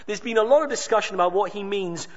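A man delivers a sermon, slightly high-pitched and emphatic, pausing for effect and voicing the quotes he reads. The recording is dull and lo-fi, with a long reverb trailing each phrase as if in a church hall. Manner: emphatic, with dramatic pauses and quoted dialogue. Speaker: preacher.

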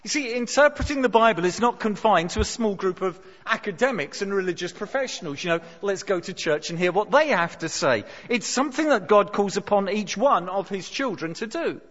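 A man preaching a sermon, emphatic and expressive, dropping his voice low for dramatic lines. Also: a little fast, few pauses. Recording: dull sound with long hall reverb.

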